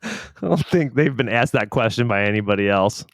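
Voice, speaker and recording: A man co-hosting a casual podcast, animated as he tells a story and quick to break into laughter. His voice sits at an ordinary middle pitch. It is recorded close and dry, with no room sound. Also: no echo. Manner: laughs often, animated storytelling with acted-out quotes. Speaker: podcast co-host. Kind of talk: casual chat.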